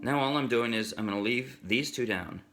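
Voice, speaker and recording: A man teaching a ukulele song in a relaxed, chatty way, breaking off now and then to sing a line. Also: mid-range voice, a little fast, loud music behind the voice. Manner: chatty, self-interrupting, sings snatches while strumming. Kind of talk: casual music tutorial. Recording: ukulele strumming under the voice. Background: ukulele playing.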